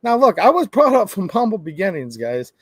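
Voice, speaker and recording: A man's voice: high voice, big pitch swings, fairly quick, dry recording. A man hosting a gun rights channel, talking to camera in a rambling, emphatic, conversational way. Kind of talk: casual monologue to camera.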